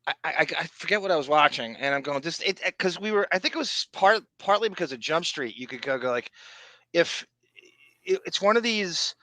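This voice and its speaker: A man from Long Island co-hosting a podcast, talking in an animated, excitable way with frequent restarts. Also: fairly high pitch, fairly quick, dry recording. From Long Island, New York. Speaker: podcast co-host. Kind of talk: casual chat.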